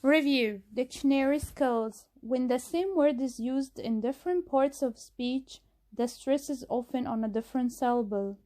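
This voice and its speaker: Slow, high-voiced Egyptian woman teacher. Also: warm tone. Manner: slow, careful reading of exercise answers. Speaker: English teacher. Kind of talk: recorded video lesson.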